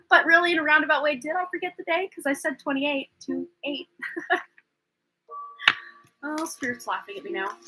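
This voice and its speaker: Bright high-voiced woman reading tarot. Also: moderate pace, pauses often, soft background music, rough recording. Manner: chatty and rambling, often unsure; self-deprecating, laughs at herself. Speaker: tarot reader. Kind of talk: live-streamed tarot reading.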